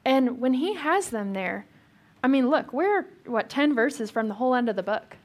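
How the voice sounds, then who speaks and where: A woman pastor delivers a sermon in a relaxed, conversational way. She asks her listeners questions and slips in small jokes. Her voice sits a little higher than most. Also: moderate pace.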